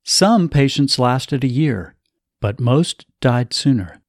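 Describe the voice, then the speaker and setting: Male narrator, story reading, slow, lively pitch, dry close sound. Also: no room sound.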